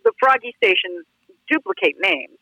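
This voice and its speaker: A woman from Pittsburgh, a former radio DJ, chatting as a guest in a casual interview. She talks with lively, expressive intonation. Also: mid-range voice, moderate pace, dry recording, low-quality recording.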